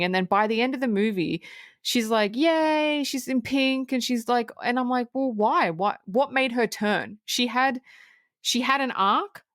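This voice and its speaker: A woman talking through a film on a podcast, swearing freely and slipping into quick acted-out quotes. Her voice sits at an ordinary middle pitch. The sound is close and dry, with no room around it. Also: no echo. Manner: blunt, profane, animated recapping with quoted asides. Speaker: podcast co-host. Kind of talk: casual film review chat.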